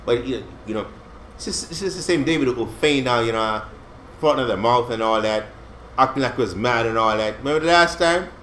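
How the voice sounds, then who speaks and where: A man's voice: medium pitch, a little fast, a bit bright, slight background noise. A man leading a casual Bible study, explaining scripture in slangy, conversational talk full of restarts and "you know what I'm saying". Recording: echoey room.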